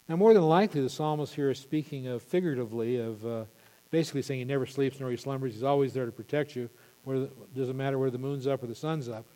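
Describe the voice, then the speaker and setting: A male pastor preaching an impassioned sermon, building to loud emphatic peaks. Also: medium pitch, long reverb tail.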